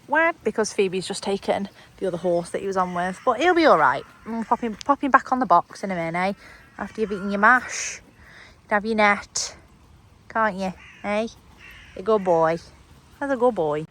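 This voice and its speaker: A woman's voice: mid-range voice, moderate pace, a bit bright, a little hiss or hum. A woman vlogging outdoors at a horse outing, chatty and cooing to her horse. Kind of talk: casual chat at a horse outing. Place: outdoors at a cross-country course.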